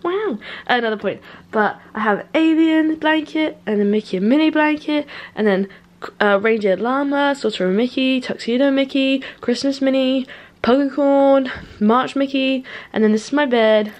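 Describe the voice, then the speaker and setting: A young adult woman speaks at normal speed in a high, slightly mellow voice while vlogging casually to her handheld compact camera. She's in a student bedroom, bubbly and giggly, and the audio has its highs cut off.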